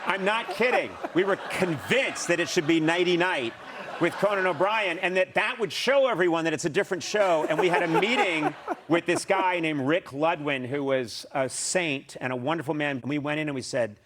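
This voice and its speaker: Guy on a talk show telling a story, acts out the other people, kinda high voice, some noise behind. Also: normal speed. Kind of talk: animated anecdote telling.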